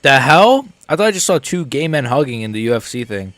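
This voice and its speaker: A man's voice: medium pitch, animated, quick pace, no room sound. A young American man hosting a live stream, reacting to fights in a rambling, casual, jokey way.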